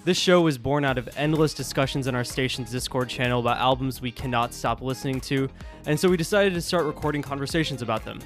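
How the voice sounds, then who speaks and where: A man's voice: medium pitch, quick pace. A man who co-hosts a college radio podcast, chatting loosely about music with lots of fillers and restarts. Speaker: college radio sports director and podcast co-host.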